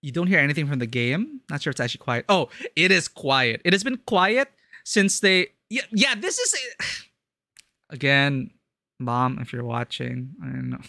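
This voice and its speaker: A streamer talks casually to chat while playing a story game, expressive and quick to react. The voice is bright and forward, with a close, dry sound. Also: mid-range voice, no echo.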